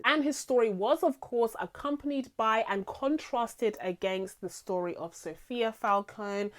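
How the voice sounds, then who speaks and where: A woman's voice: mid-range voice, darkish tone. A young adult woman hosting a casual series review, enthusiastic and laughing often, with many fillers. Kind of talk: casual chat.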